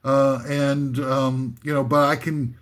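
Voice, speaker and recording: An older man reading a comic list in a rambling, deadpan monologue, with many fillers and restarts. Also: mid-range voice, takes it slowly. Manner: reads titles flatly, laughs at his own jokes, many fillers and restarts.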